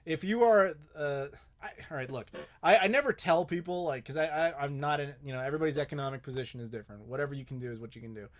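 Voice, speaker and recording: A man's voice: a little high, fast talker. A young man hosting a live Q&A, chatting casually and bluntly, swearing often and joking with viewers. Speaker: host.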